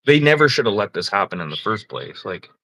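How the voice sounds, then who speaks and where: A man's voice: lowish voice, sing-song, a little fast, creaky, bright, forceful tone, poor audio. A man hosting a livestream, chatting casually and telling rambling, profane stories while laughing often. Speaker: livestream host. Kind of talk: casual storytelling chat.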